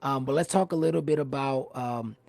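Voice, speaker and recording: Guy hosting a live interview, gravelly voice, lots of ums and restarts. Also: medium pitch, a little mellow, no echo. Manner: halting, many fillers and restarts, easygoing. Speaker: host. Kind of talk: casual interview. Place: home, livestream.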